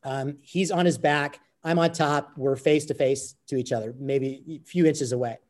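Earnest man, fairly high voice. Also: fairly even intonation, moderate pace, a little mellow. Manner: earnest, repeats phrases as he recounts. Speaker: interview guest. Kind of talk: conversational storytelling.

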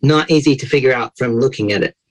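A man's voice: mid-range voice, fast talker, rough recording. Modest man, Southern with light Irish lilt. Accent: Southern American, light Irish. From Alabama, USA. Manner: modest, easygoing. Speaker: guest, church worker. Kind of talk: casual interview chat.

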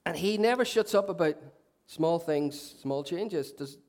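Pastor guy preaching in church, pretty high voice, rambly jokey asides. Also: animated, measured pace, darkish tone. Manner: chatty, self-mocking humour with asides. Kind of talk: sermon. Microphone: handheld mic.

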